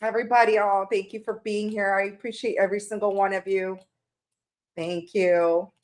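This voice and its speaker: A woman's voice: mid-range voice, level tone, normal speed. A woman hosting a tarot livestream from her room at home, tearful and emotional as she chats casually and greets viewers by name.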